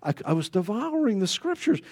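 High, lively-voiced preacher man. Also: a little fast, breathy edge. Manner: folksy, joking asides and rhetorical questions to the congregation. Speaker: pastor. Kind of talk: sermon.

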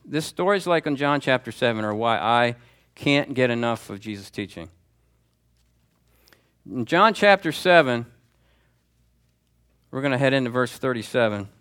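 A man's voice: medium pitch, fairly bright tone, smooth. A man preaching a sermon as pastor, in a conversational, emphatic style that repeats key phrases.

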